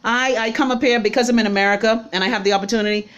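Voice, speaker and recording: A woman's voice: a little high, steady tone, racing, fairly bright tone, smooth. A middle-aged woman from the Bahamas with a Bahamian accent, hosting a casual live stream and reading viewer comments in a blunt, sassy, chatty way.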